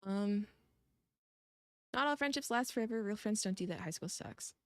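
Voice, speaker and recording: A woman's voice: medium pitch, moderate pace, no room sound, natural voice. Woman reading an earnest goofy game dad. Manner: earnest, gently advising. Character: kindly goofy adult dad, middle-aged man. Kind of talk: reading game dialogue aloud.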